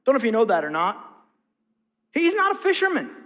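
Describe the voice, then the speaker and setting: A man's voice: very high voice, wildly swooping pitch, a little fast, pushed and bright, in a large hall. A man preaching a conversational sermon as a pastor, acting out the voices in his story. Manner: conversational, acts out quotes.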